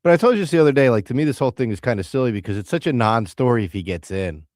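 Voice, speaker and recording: A man co-hosting a sports talk radio show, casual and chatty, with quick asides. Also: mid-range voice, expressive, darkish tone, no room sound, clean studio sound.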